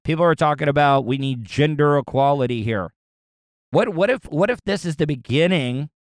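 A man's voice: fairly high pitch, animated, normal speed, no room sound, clean studio sound. A man from the United States rants to his viewers in a rambling, profane monologue, often stammering and repeating words. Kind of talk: ranting monologue.

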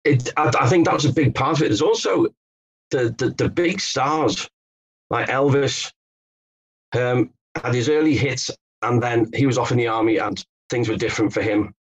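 A man's voice: mid-range voice, normal speed, husky, dull audio. A man from England, a guest author telling stories in an interview, hesitant with many restarts. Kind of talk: conversational interview.

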